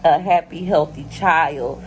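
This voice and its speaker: A young woman talks to her camera in an emotional personal vlog. She is crying and rambles candidly, her voice a touch low. Faint background noise sits under her voice. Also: slow pace, darkish tone, highs cut off. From Florida. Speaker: YouTuber.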